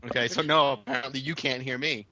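A man's voice: medium pitch, fairly even intonation, quick pace, crowd noise. A man co-hosting a podcast in casual chat over a remote call, playful and wisecracking. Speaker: podcast co-host.

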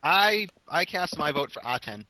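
Bright-voiced joking podcast co-host, a man. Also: a little high, animated, moderate pace, no echo, low-quality recording. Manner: dry joking, reads poll results. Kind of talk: casual chat.

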